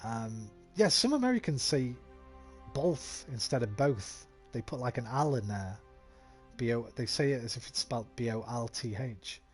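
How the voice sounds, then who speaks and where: A man's voice: medium pitch, lively intonation, normal speed, soft background music. A man with a West Midlands accent giving casual, rambling commentary while streaming a game, swearing freely. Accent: West Midlands English.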